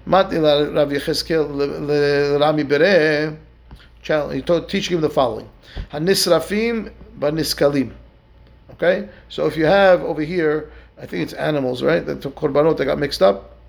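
A man's voice: fairly high pitch, moderate pace, gravelly. A rabbi teaching a Talmud study lesson. He reads Aramaic and Hebrew text aloud, then explains it step by step with rhetorical questions and a frequent "right?". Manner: keeps checking in with "right?".

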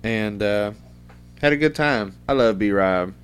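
A man's voice: lowish voice, slow pace, clean tone. A middle-aged man hosting a podcast, rambling in a loose, profane, casual way. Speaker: podcast host.

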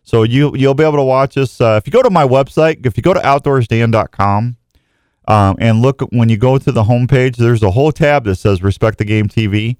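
A man hosts an outdoors show in relaxed live chat. He rambles in a folksy, eager way. His voice is smooth and resonant, recorded dry with no room sound. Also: medium pitch, brisk, no echo.

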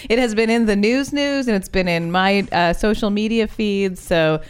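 A woman's voice: medium pitch, moderate pace, clean tone. A woman co-hosting a podcast in casual, wry chat, laughing often. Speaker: podcast co-host.

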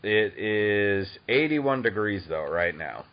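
A man in his thirties from Boston hosting a podcast, talking in an eager, excitable, fan-like way. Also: on the low side, slow pace, muffled recording. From Boston, Massachusetts. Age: 30s. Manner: eager, excitable, self-described dork. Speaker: podcast host. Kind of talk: casual interview chat.

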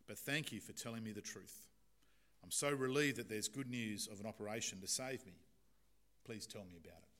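A man voicing a calm, humble male patient who speaks quietly and thoughtfully. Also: on the low side, voice pushed down, lightly acted. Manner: quiet, measured.

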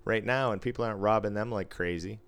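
A man from the US East Coast co-hosting a podcast in casual chat, hoarse from smoking and laughing, crude and quick to laugh. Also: on the low side, a bit bright. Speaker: podcast co-host.

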